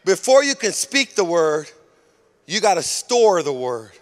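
A male senior pastor preaching a sermon in a church, emphatic and repetitive, often rising to a shout. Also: high-pitched, big pitch swings, a little slow. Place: church sanctuary.

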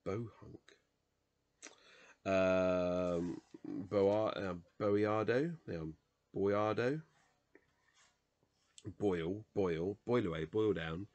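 Tired man, very low voice, unhurried, reads word lists with halting self-corrections. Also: darkish tone, lo-fi sound. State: tired, late at night. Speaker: video host reading a dictionary aloud. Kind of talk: casual solo reading vlog.

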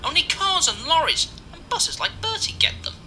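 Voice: extremely high pitch, very animated, normal speed, bright, forceful tone, slight background noise, pitched above the performer's own voice, full character voice, poor audio. Ein Erzähler spielt eine empörte Dampflok. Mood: indignant. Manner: indignant, exclaiming. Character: proud indignant big steam engine, male.

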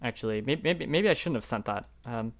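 A man's voice: medium pitch, animated, brisk. Young man thinking aloud over a game. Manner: rambling, self-doubting, thinking aloud with many fillers. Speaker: YouTuber playing a geography guessing game. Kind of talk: live gameplay commentary.

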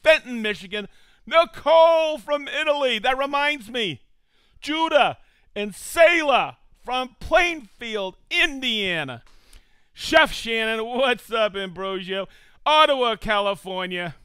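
A man's voice: very high voice, expressive, takes it slowly, sharp tone, clean tone, no room sound. A man hosting a live stream, cheerfully reading out viewers' hometowns and joking with his crew. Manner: upbeat, reads viewer locations aloud, jokey. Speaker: live show host. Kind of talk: casual live-stream chat.

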